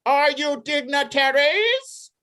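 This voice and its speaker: A woman's voice: high-pitched, expressive, slow pace, pushed and bright, heavily acted. A woman voicing a regal, courteous slime princess in a tabletop role-play, speaking formally. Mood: stately. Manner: formal, stately welcome.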